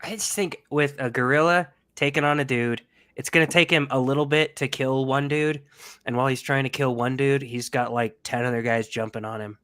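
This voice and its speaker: A man co-hosting a casual podcast chat, relaxed and quick to laugh, swearing casually. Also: medium pitch, clean tone. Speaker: podcast co-host.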